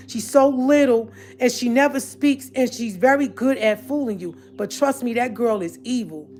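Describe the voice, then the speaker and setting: A woman with a high-pitched voice delivers an emphatic, confrontational rant straight to her viewers, repeating her points over and over. Faint music sits low in the background. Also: a little mellow. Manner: emphatic, repetitive, confrontational, talks straight to the audience. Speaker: online commentator addressing viewers. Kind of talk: casual direct-to-camera rant.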